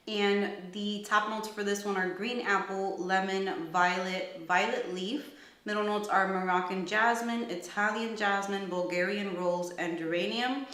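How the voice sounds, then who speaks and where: Reviewing perfumes casually, this woman gushes with enthusiasm and thinks aloud about every scent. She is a fragrance reviewer with a medium-pitched, slightly bright voice, recorded in an echoey room.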